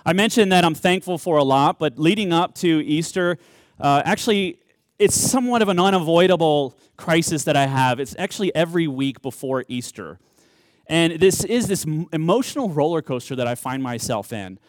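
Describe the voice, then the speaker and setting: A male pastor in his thirties delivers a sermon in an earnest, conversational way, often restarting mid-sentence and repeating words. His voice sits a little high for a man. The sound is close and dry, with no room echo. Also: animated, moderate pace.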